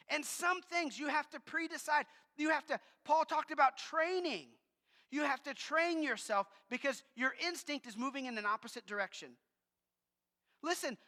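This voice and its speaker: A man preaching a sermon to his congregation, a loud talker who speaks in an animated, conversational way. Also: extremely high pitch. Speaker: pastor. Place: church sanctuary with congregation. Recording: long reverb of a large church hall.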